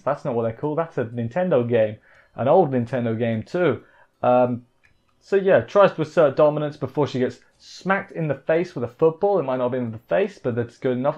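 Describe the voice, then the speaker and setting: A man's voice: medium pitch, darkish tone, muffled recording. A man giving a rambling, casual anime episode recap on a live stream, full of jokey asides. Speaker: anime reviewer.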